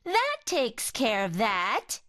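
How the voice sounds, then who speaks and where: Storybook girl pair, woman reader: calm, firm, reassuring, lively. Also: on the high side, slow pace, slight background noise, heavily acted. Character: two calm determined girls.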